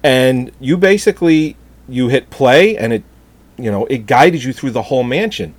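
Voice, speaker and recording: Man, middle-aged, ranting storyteller with a swinging pitch, exasperated and swearing. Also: moderate pace, no echo. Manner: animated, exasperated, swears often, laughs at own story. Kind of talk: casual chat, storytelling rant.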